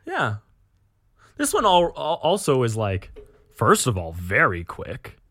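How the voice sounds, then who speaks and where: A man's voice: mid-range voice, huge pitch swings, slow pace, fairly bright tone, no room sound, studio quality. A man co-hosting a podcast in casual chat, enthusiastic and talkative, stretching words for emphasis. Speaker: podcast co-host.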